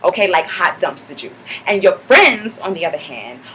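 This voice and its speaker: A woman with a fairly low, slightly bright, sing-song voice speaks at a moderate pace over a little hiss or hum. She plays a cocky young clubgoer in a comedic monologue, gabbing with pretend indignation and a "like" in every sentence, for a character comedy vlog.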